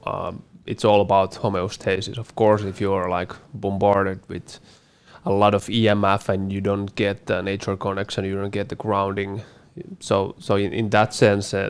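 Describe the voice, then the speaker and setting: A man's voice: fairly low pitch, vocal fry, smooth. A man co-hosting a casual Q&A, speaking hesitantly with repeated words and fillers. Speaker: co-host. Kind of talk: casual panel Q&A.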